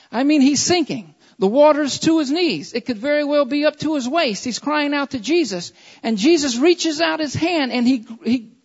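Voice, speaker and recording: A woman preaching a sermon to a congregation, impassioned and repeating lines for emphasis. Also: high-pitched. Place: large church hall. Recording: dull recording in echoing hall.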